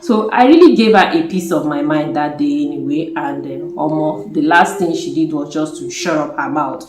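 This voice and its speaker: A young woman with a Nigerian accent tells a story in a vlog, emphatic and animated. Her voice sits somewhat low for a woman. The sound carries the echo of a bare room. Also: moderate pace, noisy background. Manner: animated, emphatic storytelling, rising to indignant outbursts. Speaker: vlogger. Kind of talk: casual opinion vlog. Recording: echoey room.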